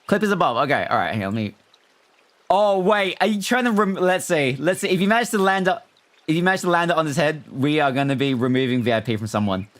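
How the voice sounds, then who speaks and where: He talks fast and expressively, his voice on the high side and a bit bright. This non-American streamer casually banters with viewers during a livestream and reads their messages out loud.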